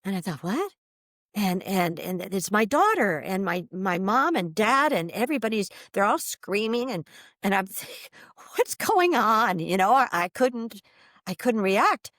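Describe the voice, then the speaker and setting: An older woman telling a personal story as an interview guest, animated and vivid, acting out the voices she quotes. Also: medium pitch, moderate pace, no room sound, studio quality.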